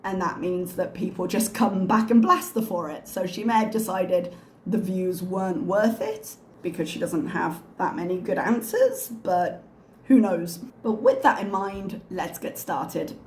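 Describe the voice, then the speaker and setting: A woman's voice: fairly low pitch, lively intonation, unhurried, slight background noise. Woman host, reaction commentary, dry sarcastic asides; echoey room. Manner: sarcastic and critical.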